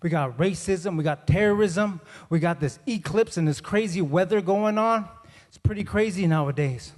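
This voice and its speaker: A middle-aged male comedian works the room with animated stories, acting out every part of each exchange himself. His voice sits a little high for a man. The sound rings with the long reverb of a large hall. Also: moderate pace. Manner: animated storytelling, acts out both sides of dialogues. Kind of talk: stand-up comedy. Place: conference hall.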